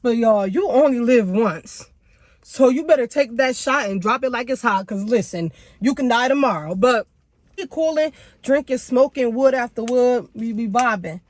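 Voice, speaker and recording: A young woman tells a casual storytime in a fairly high, lively voice full of slang. Her pitch leaps up and down as she talks. The sound is dry and close, with no room echo. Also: normal speed. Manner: animated slangy storytelling with big pitch jumps. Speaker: vlogger.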